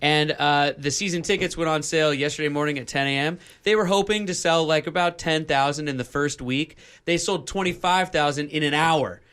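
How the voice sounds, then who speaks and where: A man's voice: a little high, fairly quick, hardly any pauses, fairly bright tone, smooth. A young man hosting a radio show, from Seattle, chatting casually and playfully and drifting into silly bits. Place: radio studio.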